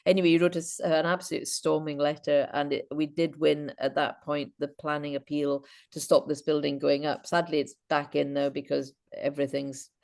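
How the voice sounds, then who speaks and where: Woman, deep voice, anecdotal chat, false starts, video call audio. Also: little pitch movement, normal speed, creaky, few pauses, darkish tone. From Britain, half Welsh half Scottish. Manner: chatty anecdotal storyteller with frequent false starts. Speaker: guest speaker. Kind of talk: informal Q&A chat.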